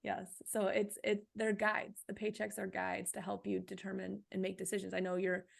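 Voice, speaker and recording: A woman's voice: medium pitch, little pitch movement, normal speed, gravelly. A woman being interviewed about her book, giving practical coaching advice and often checking in with "right?". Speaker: author and guest. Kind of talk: podcast interview answers.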